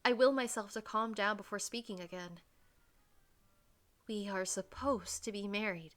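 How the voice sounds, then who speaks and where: Woman as a brash young American woman, defensive and brisk; first-person game narration. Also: medium pitch, fairly bright tone, close to an everyday voice.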